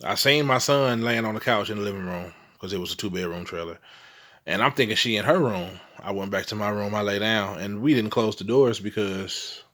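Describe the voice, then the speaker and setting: A man's voice: lowish voice, fairly quick, a bit bright. A middle-aged man from St. Louis telling ghost stories in a rambling, profane monologue, often checking in with "you know what I'm saying.". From St. Louis, Missouri. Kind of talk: casual storytelling monologue.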